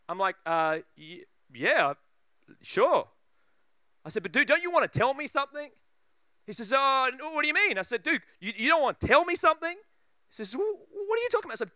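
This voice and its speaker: Animated high-voiced preacher. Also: male voice, fairly quick, dry recording, studio quality. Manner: animated, acts out voices, laughs often. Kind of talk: sermon with humorous storytelling.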